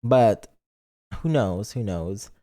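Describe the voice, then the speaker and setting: A man's voice: on the low side, lively intonation, slow pace, mellow. A man streaming and chatting casually in a playful, rambling way, reading chat messages aloud. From lives in Britain, not British.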